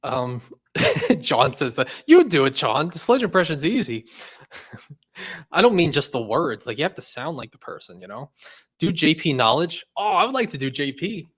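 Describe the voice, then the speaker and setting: A man's voice: fairly high pitch, very animated, moderate pace, fairly bright tone, slightly rough. A young man hosting a casual livestream, who rambles, laughs often and leans on "like" fillers. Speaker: host.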